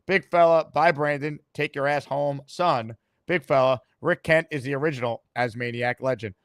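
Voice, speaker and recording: A man's voice: mid-range voice, fairly even intonation, moderate pace, fairly bright tone, no room sound. A man hosting a sports podcast, talking brashly and theatrically, taking calls and reading out comments. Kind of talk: fan podcast monologue and call-in.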